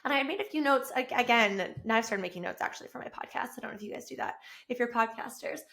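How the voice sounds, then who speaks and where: This podcast host, a woman in her thirties, has a gravelly, highish voice and talks fast. Recording herself with a camera, she delivers a casual monologue with effusive enthusiasm that spikes into excited outbursts.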